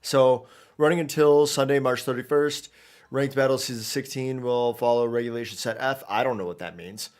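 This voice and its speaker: A man's voice: medium pitch, steady tone, moderate pace. A man streaming a video game, talking casually and rambling with lots of fillers and restarts as he plays. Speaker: gaming streamer. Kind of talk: casual live gameplay commentary.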